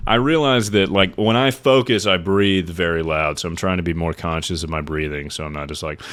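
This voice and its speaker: A man with a notably low voice chats loosely to his stream audience, drifting between stories in an unpolished, offhand way. His talk is peppered with casual swearing. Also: fairly bright tone. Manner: loose, rambling and profane. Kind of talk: casual livestream chat.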